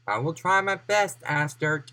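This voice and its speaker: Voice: medium pitch, a little slow, pushed and bright. A storyteller voicing a brave superhero woman who speaks earnestly and protectively.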